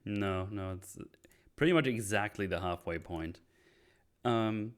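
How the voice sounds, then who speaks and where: A man hosts a loose, late-night podcast about a film. His voice sits low, and he walks through scenes in a relaxed way, chuckling as he goes. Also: unhurried, clean tone. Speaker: podcast host. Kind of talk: casual film-breakdown chat.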